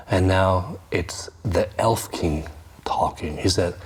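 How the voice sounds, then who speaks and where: A man's voice: low voice, slow pace, slight background noise. A man explaining a classic poem in an earnest, enthusiastic lecture. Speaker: literature lecturer.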